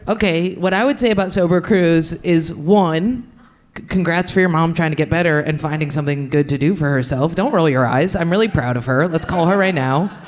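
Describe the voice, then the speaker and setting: A woman's voice: low-pitched, brisk. Blunt, crude woman comic, sick and tired. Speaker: stand-up comedian. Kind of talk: improvised stand-up and crowd work. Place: comedy festival stage.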